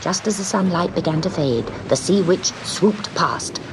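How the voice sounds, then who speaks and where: A woman reading a children's storybook aloud as audiobook narrator, in an expressive, lively manner. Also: on the low side, measured pace. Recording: audiobook with steady hiss.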